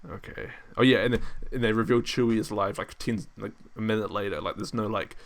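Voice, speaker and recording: A man's voice: fairly low pitch, steady tone, brisk, few pauses. A man streaming, rambling through casual film commentary, laughing often and mocking what he watches.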